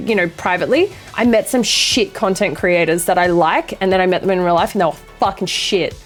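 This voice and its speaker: A woman hosting a live stream, chatting casually with her viewers, excitable and swearing freely as she greets them by name. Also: on the high side. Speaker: livestream host.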